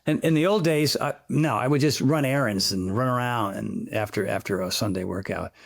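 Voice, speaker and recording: A man, a fitness trainer, chatting as an interview guest, telling animated, rambling stories peppered with sound effects. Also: mid-range voice, normal speed, vocal fry. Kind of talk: casual interview chat.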